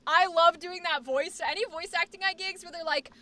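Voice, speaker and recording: Her voice is very high-pitched, moving at a moderate pace with few pauses. In a relaxed live stream, this woman, an actor and streamer, rambles animatedly and cracks jokes with her audience.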